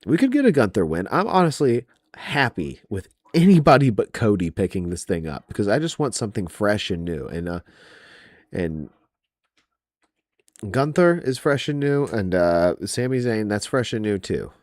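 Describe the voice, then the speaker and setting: Low-voiced man ranting, swearing freely. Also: moderate pace, no echo. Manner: profane, exasperated, animated. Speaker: wrestling podcast host. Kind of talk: casual ranting predictions.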